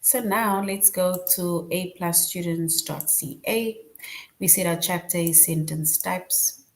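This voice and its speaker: A woman's voice: on the low side, slow, slight background noise. A woman teaching a children's grammar lesson online, explaining patiently and often checking in with "right?".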